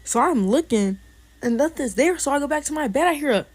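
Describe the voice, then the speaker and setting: A woman's voice: sits high, expressive, brisk, noisy background. A woman telling a casual storytime to viewers, loose and rambling, full of fillers.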